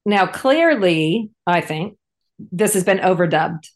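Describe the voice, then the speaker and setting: Woman co-host, rambling casual recap chat, voice on the low side. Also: animated, slow pace. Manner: rambling, chatty, lots of fillers. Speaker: podcast co-host.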